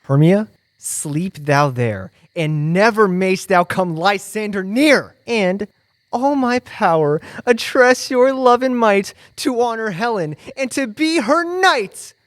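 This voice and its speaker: A woman's voice: medium pitch, animated, slow pace, dry recording. A woman playing an ardent young male lover in a college stage play, speaking earnestly. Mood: resolute.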